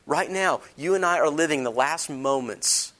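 A man preaching a sermon to a congregation, swinging between booming declarations and hushed near-whispers, with humorous personal stories and questions to the listeners. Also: moderate pace. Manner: dramatic shifts from loud to hushed, storytelling with humor. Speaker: pastor.

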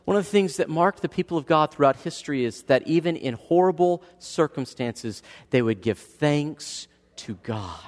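A man with a slightly high voice delivers a sermon in a church sanctuary, his words trailing off into a long hall reverb. He shifts between quiet, drawn-out lines and loud, driving peaks as he preaches. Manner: dynamic preaching, swings from hushed to loud. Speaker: pastor.

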